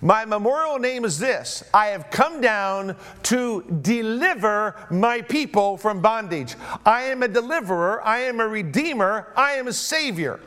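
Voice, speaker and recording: High-voiced man preaching with big swings. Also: expressive, measured pace, hardly any pauses, smooth. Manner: dynamic preaching, swings between hushed low phrases and raised emphatic ones. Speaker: pastor. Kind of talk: sermon.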